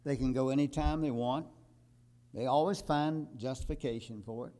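An older man preaching a sermon to his congregation, building from calm talk to loud emphatic peaks and quoting scripture. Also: mid-range voice, normal speed. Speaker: pastor.

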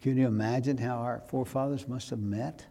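A pastor, preaching a sermon that rises to loud, fervent exhortation. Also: male voice, mid-range voice, fairly even intonation, brisk.

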